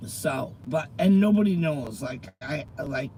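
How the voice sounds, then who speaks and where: The vlogger, a middle-aged woman, has a low, expressive, mellow voice and takes her time. Near tears, she rambles emotionally while chatting with viewers and commenters, and the rough recording carries slight background noise.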